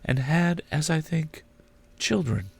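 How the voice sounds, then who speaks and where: A man voicing a soft, gentle Christmas spirit in a storybook reading, speaking in a hushed, tender way. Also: a little high, animated, slow pace, vocal fry, husky, no echo, pitched above the performer's own voice, exaggerated voice.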